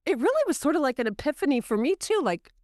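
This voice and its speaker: A woman's voice: high-pitched, quick pace, dry recording, studio quality. Chatty woman podcast co-host. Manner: animated storyteller, fillers of "like". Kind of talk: casual chat.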